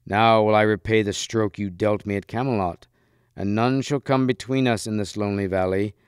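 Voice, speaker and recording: A towering green-faced knight with a booming, commanding voice, as a man reading a storybook aloud puts him on. The tone sits low and resonant, clean and close with no room around it. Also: steady tone, normal speed, smooth, dry recording, lightly acted. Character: huge fierce green-faced knight with a mighty voice.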